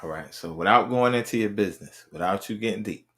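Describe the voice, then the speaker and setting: A man's voice: fairly low pitch, fast talker, crowd noise. A man hosting a podcast interview, talking casually and encouragingly, with lots of repeated phrases. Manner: encouraging, repeats affirmations like "right". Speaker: podcast host.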